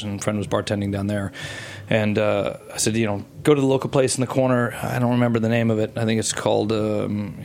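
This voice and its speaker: A middle-aged man guesting on a casual interview, spinning a long, rambling story. His voice sits somewhat low, and he stops, restarts and fills gaps with "uh" as he goes. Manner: rambling, many restarts and fillers.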